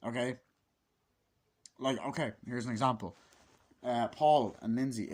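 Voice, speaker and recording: A man with a mid-range, somewhat dark voice gives a casual film review, griping bluntly and profanely about the movie. He acts out its scenes in quick put-on voices.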